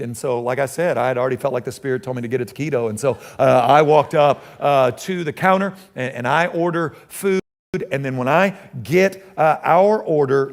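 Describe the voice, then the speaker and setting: A middle-aged pastor tells a story from the pulpit, his voice carrying a gravelly edge. He talks in a loose, conversational way, often restarting his sentences as the story builds. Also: medium pitch. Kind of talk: sermon storytelling.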